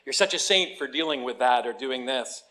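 A man's voice: medium pitch, animated, normal speed, pushed and bright. A man, a pastor giving a sermon, reading scripture and telling jokes in a conversational way. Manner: conversational, joking asides.

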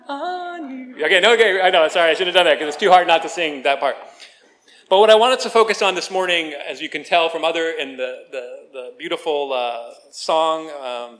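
Fairly high-voiced man preaching a sermon. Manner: reads scripture slowly, then chats with the congregation in a lively, joking way. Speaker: pastor.

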